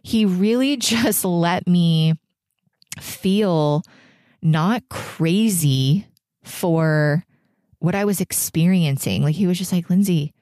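A woman's voice: lowish voice, slow pace, a little mellow, no echo, clean studio sound. A pregnant woman in her thirties hosting a solo podcast, talking candidly and emotionally, rambling with many fillers. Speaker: podcast host.

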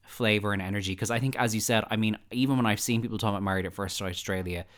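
Bright-voiced man in casual podcast chat. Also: on the low side, fairly even intonation, very fast. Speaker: podcast co-host.

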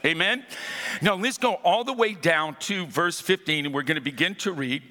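Pastor guy preaching hard, bright forceful voice, pitch a bit up, big echoey auditorium. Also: normal speed. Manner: emphatic preaching, repeats key phrases, calls for congregation response. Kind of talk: sermon. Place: church auditorium. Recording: long reverb from a large auditorium.

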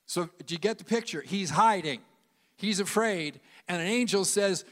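High-voiced preacher in a reverberant church. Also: male voice, moderate pace, a bit bright. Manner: acts out biblical dialogue in varied voices. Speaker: pastor. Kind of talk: sermon. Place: church sanctuary. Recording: long hall reverb.

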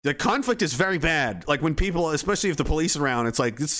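A man talking casually, profanely and excitedly, full of "like" and restarts. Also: a little high, quick pace, hardly any pauses. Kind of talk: casual rant.

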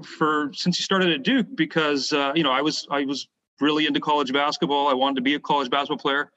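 A Canadian man, a former basketball player, tells his stories in a bright, tense voice that sits a little high for a man, and he animates the people in them. His sound is somewhat muffled, like lo-fi podcast audio. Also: fairly quick. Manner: animated storyteller, acts out quoted voices, frequent fillers. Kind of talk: casual storytelling interview.

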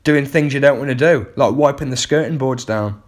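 A man's voice: medium pitch, moderate pace. A man, a comedian hosting his own podcast, telling a rambling, self-mocking story with wry asides. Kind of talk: casual comic monologue.

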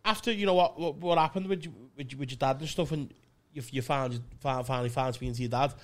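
A man's voice: medium pitch, quick pace. A man hosting a comedy podcast, sweary and matey in casual chat. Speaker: podcast host.

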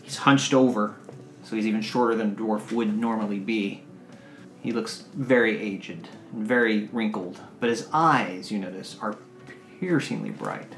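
A man narrating a tabletop game as game master in a relaxed, descriptive way. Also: on the low side, normal speed. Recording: roomy echo with faint music.

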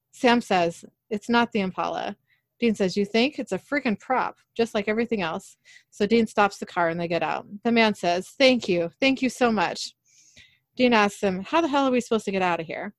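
Her pitch is medium and her pace a little fast as this podcast host recaps a TV episode, casually and with animation. She voices the characters' lines herself; the sound is clean studio audio without echo.

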